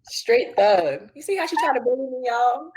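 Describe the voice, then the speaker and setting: A woman's voice: high-pitched, big pitch swings, moderate pace, a little mellow, slightly rough. A woman co-hosting a casual podcast chat, frank and emphatic as she gives advice. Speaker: podcast co-host.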